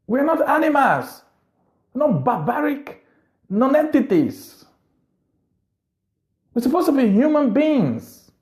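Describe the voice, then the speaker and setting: Man, very high voice, lively pitch, indignant rhetorical rant. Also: slow, pauses often. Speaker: political commentator. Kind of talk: impassioned monologue.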